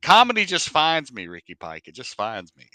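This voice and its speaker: Animated, bright-voiced man telling stories. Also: medium pitch, moderate pace, dry recording, poor audio. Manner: animated storyteller, jumps into loud silly voices. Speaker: podcast co-host. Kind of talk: casual chat.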